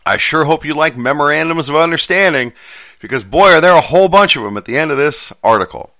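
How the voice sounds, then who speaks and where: A man's voice: a little high, expressive, quick pace, bright, forceful tone, no echo, clean studio sound. A man hosting a casual show, reading out contract text and chatting about it in a self-deprecating way. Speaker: host.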